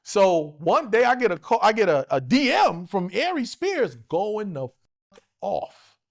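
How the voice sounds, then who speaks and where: A man in his forties spins a wild, profane story in casual talk. His voice sits fairly high for a man and swings widely in pitch, with a gravelly rasp running under it. He drops into other people's voices as he recounts what they said. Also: measured pace. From United States. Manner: animated, profane, acts out other people's lines. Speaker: interview guest, actor.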